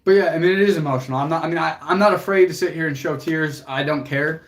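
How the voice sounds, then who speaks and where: A young man with a slightly high voice talks straight to his livestream viewers. He is earnest and motivational, swears casually, and lets his emotion show as he speaks. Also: quick pace. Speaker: fitness coach and livestream host.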